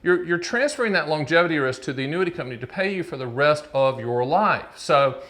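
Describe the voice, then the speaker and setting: Speaking a little high with lively intonation, he moves fairly quickly, his tone fairly bright. He's a man in his 50s presenting his own annuity explainer direct to camera, relaxed and joking, poking fun at his unseen producer and drifting into side stories.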